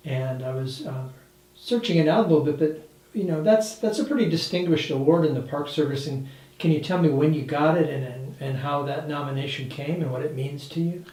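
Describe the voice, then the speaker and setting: A man's voice: a little high, warm tone, distant mic. A man interviewing a park ranger for an oral history, asking curious, searching questions with restarts. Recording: echoey room, voice off-mic.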